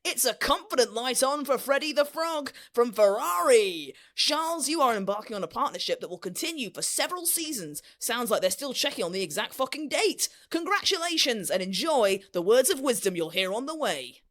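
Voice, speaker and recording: Woman, podcast co-host, mock dating-show presenter, theatrical, high voice, big swoops in pitch. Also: big pitch swings, fairly quick, few pauses, fairly bright tone. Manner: theatrical, gushing, swearing.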